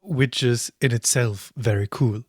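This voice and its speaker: A man's voice: medium pitch, a little slow, slightly rough, no room sound, clean studio sound. A man hosting a podcast interview, asking questions and dropping short joking remarks. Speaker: podcast host. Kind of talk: casual interview chat.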